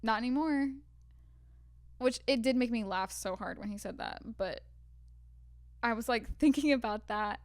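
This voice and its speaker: A woman's voice: fairly high pitch, unhurried, long pauses, clean tone, no room sound, studio quality. A young woman co-hosting a podcast, telling stories from a film set in casual chat, full of "like" fillers. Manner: chatty storyteller, many "like" fillers. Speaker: podcast co-host.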